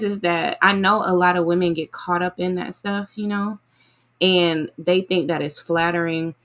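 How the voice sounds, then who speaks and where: A woman in casual, animated chat, often addressing listeners as y'all. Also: fairly low pitch, creaky. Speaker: vlogger reviewing a book.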